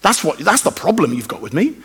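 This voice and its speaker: A man delivering a sermon in an easy, conversational manner, and his voice sits a little higher than most men's. He slips into quoted voices to make his points. His words ring out with a long reverb through a church hall. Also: huge pitch swings, a little fast, a bit bright, breathy edge. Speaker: preacher.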